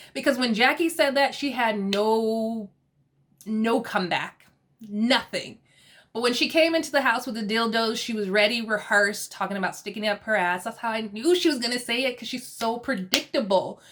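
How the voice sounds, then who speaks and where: A woman's voice: a little high, lively intonation, moderate pace, fairly bright tone. A woman casually recapping a reality TV episode, chatty and laughing often as she acts out the quotes. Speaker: TV recap host.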